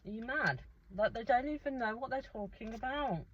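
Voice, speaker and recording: A woman eating snacks on camera and chatting casually, animated and swearing freely as she tells stories and mimics people. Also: fairly high pitch, normal speed, slightly rough. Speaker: food vlogger. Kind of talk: casual eating vlog with story time. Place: car. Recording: dull lo-fi sound, faint noise.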